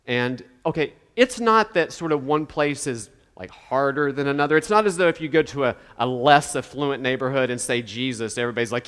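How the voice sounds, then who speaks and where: A man's voice: mid-range voice, a little fast, hardly any pauses, fairly bright tone, clear, resonant tone, in a large hall. A man preaching a sermon in a conversational way, now and then acting out the voices of the people he quotes. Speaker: pastor.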